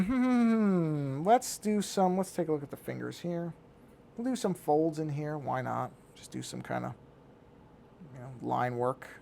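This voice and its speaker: A man's voice: a little high, gravelly, darkish tone, a little hiss or hum. A middle-aged man talking casually to himself as he works on a digital drawing, muttering and thinking aloud. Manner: talks to himself while working, muttering. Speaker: digital artist.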